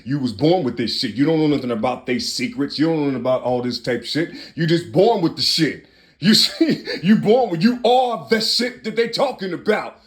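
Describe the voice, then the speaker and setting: A man's voice: animated, normal speed. Impassioned man in his fifties rambling. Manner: passionate, swings between loud bursts and low mutters, keeps repeating "you see".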